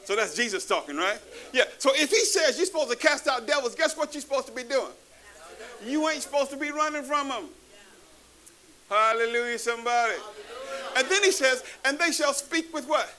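A man preaching a sermon to a live congregation, animated, calling out to the audience and rising to shouts. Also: very high-pitched, fairly quick, low-quality recording. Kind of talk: sermon with testimony. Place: church before a live congregation.

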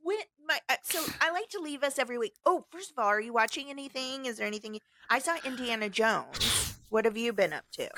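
Chatty lively woman podcast host. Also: a little high, fast talker, slight background noise. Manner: chatty, laughs often, animated storyteller. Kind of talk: casual chat. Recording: dry close sound, remote call.

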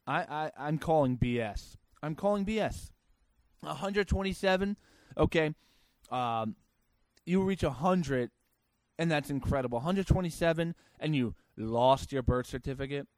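A man's voice: on the high side, animated, unhurried, a little mellow, no room sound. A man hosting a comedy show, reading out news stories and ranting about them in a sarcastic, crude way. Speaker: podcast host.

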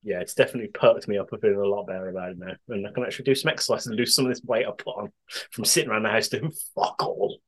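A man's voice: lowish voice, racing, husky. A man co-hosting a podcast in casual chat. He is laid-back, swears freely and laughs often. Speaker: podcast co-host.

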